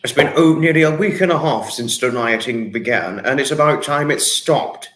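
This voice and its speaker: A man's voice: mid-range voice, moderate pace, fairly bright tone. Emotional man hosting a livestream. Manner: emotional, repetitive, dwells on words. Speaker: livestream host. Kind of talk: casual livestream chat reading viewer comments. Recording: echoey room.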